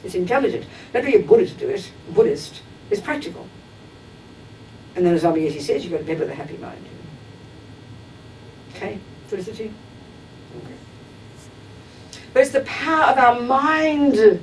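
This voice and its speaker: A woman's voice: very animated, a little fast, long pauses, mellow. Emphatic woman teaching, heard from afar. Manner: direct and emphatic, acts out everyday examples. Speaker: Buddhist teacher. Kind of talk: dharma talk to a class. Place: teaching hall at a Buddhist center. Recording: distant mic with faint rumble.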